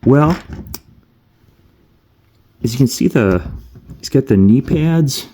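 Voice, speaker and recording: A man's voice: mid-range voice, lively intonation, takes it slowly, dark tone, slightly rough. A man casually reviewing an action figure, meandering and thinking aloud as he handles each piece. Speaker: toy reviewer.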